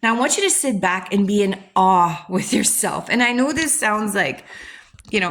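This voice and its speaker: A woman's voice: a little high, normal speed, fairly bright tone. A woman hosting a self-help channel, speaking in a frank, casual motivational talk, swearing freely and acting out people's inner voices.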